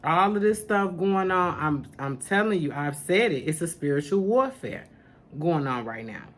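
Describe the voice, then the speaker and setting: Sassy and familiar, this spiritual teacher and podcast host talks casually to camera, addressing listeners as honey and baby. Her voice is fairly low with lively intonation and a moderate pace.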